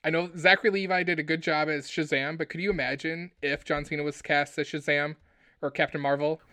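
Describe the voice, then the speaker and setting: A man co-hosting a casual pop-culture podcast, talking in excitable, joking rants. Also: on the high side, a little fast, smooth, no echo, clean studio sound. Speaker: podcast co-host.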